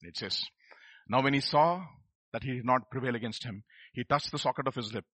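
A man's voice: medium pitch, brisk, sharp tone, no echo. A man preaching a sermon, emphatic and firing rhetorical questions at the congregation.

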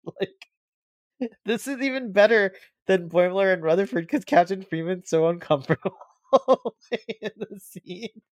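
A man's voice: high-pitched, measured pace, no room sound, clean studio sound. A man guesting on a podcast in casual chat about a cartoon episode, laughing again and again as he talks. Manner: giggly, keeps laughing while talking.

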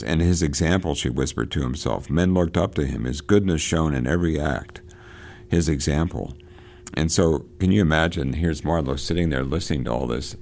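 A radio host on a literature program reads passages from a novel aloud and discusses them, speaking haltingly with many fillers and restarts. He has a bass voice with a darkish tone, and there's a little hiss or hum.

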